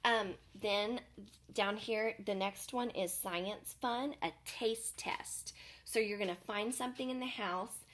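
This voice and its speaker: A preschool teacher explaining home activities to parents in a video tutorial, talking in a friendly, explanatory way with many "um" fillers. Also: female voice, mid-range voice, slow pace, fairly bright tone.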